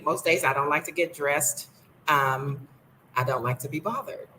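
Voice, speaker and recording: A woman's voice: deep voice, sing-song, slow pace, pauses often, sharp tone, a little hiss or hum, rough recording. An older woman from the United States, blunt and sassy, chatting casually in a vlog from her home. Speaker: vlogger.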